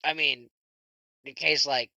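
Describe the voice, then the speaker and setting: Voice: mid-range voice, steady tone, takes it slowly, sharp tone, no echo, low-quality recording. A player in a tabletop game, joking and playful as they play their character.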